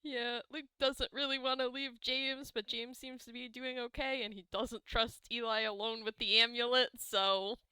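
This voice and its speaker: A woman player describes her character's moves in a tabletop game, hesitant and thoughtful. Her voice is bright and crisp, slightly high, with a dry close sound. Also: fairly even intonation, moderate pace, few pauses, no echo. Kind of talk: tabletop role-play.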